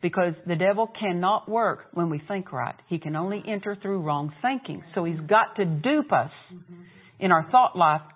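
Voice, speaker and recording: A woman's voice: on the low side, moderate pace, slightly rough. Woman preacher, sermon delivery, plays out the laughter and dialogue in her story, thin phone-like audio. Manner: preaching, retelling a story with acted-out laughs and quotes. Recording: tinny phone-like sound.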